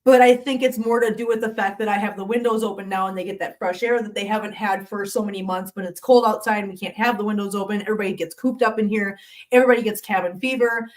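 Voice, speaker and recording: A woman's voice: mid-range voice, steady tone, quick pace. A middle-aged woman hosting a casual cat live stream from her home studio, chatting with viewers, answering the chat and laughing often.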